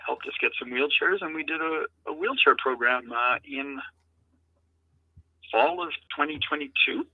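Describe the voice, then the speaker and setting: A middle-aged man, a program founder, telling heartfelt stories in an interview, halting and earnest. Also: on the high side. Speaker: guest, founder of an adaptive lacrosse program. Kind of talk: interview storytelling. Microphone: remote call-in. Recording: tinny phone line, dry.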